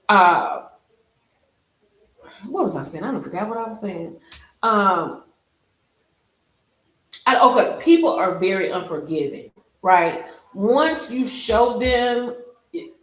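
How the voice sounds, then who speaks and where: A woman's voice: mid-range voice, roomy sound, rough recording. A woman hosting a casual live stream, chatting animatedly. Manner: chatty, animated, talks to viewers directly. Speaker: livestream host.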